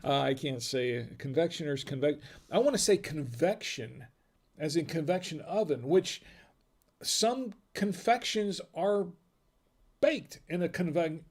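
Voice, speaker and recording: With wine in hand, a tipsy livestream host rambles through the chat, reading it aloud and chuckling often in casual conversation. His voice is on the high side, expressive, and measured in pace.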